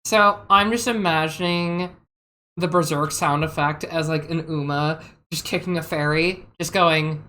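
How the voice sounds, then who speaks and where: A woman streaming while she draws, chatting casually, giggly and excitable and laughing often. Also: deep voice, a little slow, a little hiss or hum. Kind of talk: casual chat.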